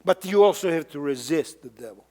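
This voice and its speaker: A pastor preaching a sermon, emphatic and fond of repeated rhetorical questions. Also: male voice, a little high, expressive, fairly quick, a little mellow, in a large hall. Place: church sanctuary.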